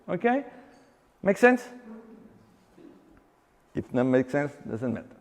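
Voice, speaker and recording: A man, an exercise coach, giving a live seminar talk with animated storytelling, halting often and restarting his sentences. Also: high-pitched. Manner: animated storyteller who acts out client dialogue; halting, with many restarts and fillers. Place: seminar venue with long reverb. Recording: reverberant hall recording.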